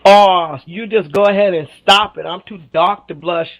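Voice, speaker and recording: A woman's voice: mid-range voice, moderate pace, few pauses, lo-fi sound. A woman guest on a radio talk show, sassy and outspoken, telling stories with lots of laughter and acting out the people in them. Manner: animated storyteller, laughs often, acts out the people in her stories. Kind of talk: casual radio interview chat.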